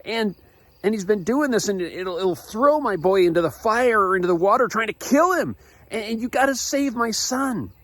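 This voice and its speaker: A man's voice: high-pitched, animated, normal speed, a bit bright, pitched above the performer's own voice. A man voicing a desperate father who pleads for his son in urgent, stammering bursts.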